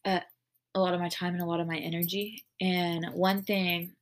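A woman's voice: lowish voice, level tone, moderate pace. A woman hosting a casual faith podcast, talking earnestly and rambling, with lots of "like". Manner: earnest, rambling, heavy use of "like". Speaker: podcast host.

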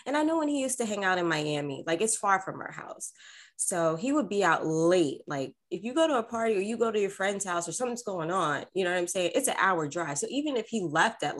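A woman's voice: on the low side, a bit bright. A woman in casual chat, telling a story animatedly and acting out quoted voices.

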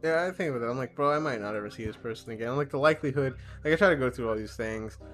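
A man's voice: mid-range voice, rapid-fire, soft background music. Rambling young man on a podcast. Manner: rambling, heavy filler and swearing, animated impressions. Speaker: podcast co-host. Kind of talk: casual podcast chat.

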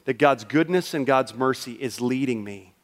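A man preaching a sermon as pastor, swinging from loud, emphatic lines to a hushed, low delivery and acting out a listener's thoughts. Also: normal speed, big-room sound. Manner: acts out a listener's thoughts in quoted asides.

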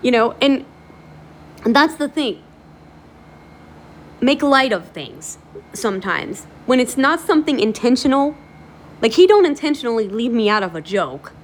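A woman's voice: fairly high pitch, measured pace, pauses often, slight background noise. A woman hosting a motivational video series, talking casually to the camera in a chatty, encouraging way with lots of fillers. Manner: chatty, animated storytelling with many fillers.

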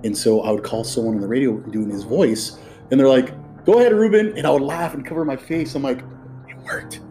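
A man hosting a podcast, telling stories in casual chat and dropping into quick impressions. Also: mid-range voice, steady tone, over music. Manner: chatty storyteller, drops into quick impressions. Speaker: podcast host.

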